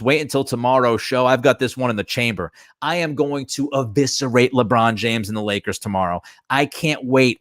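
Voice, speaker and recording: A man hosting a sports talk show, delivering animated, emphatic commentary and ranting about officiating. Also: mid-range voice, no room sound, clean studio sound. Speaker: sports radio host.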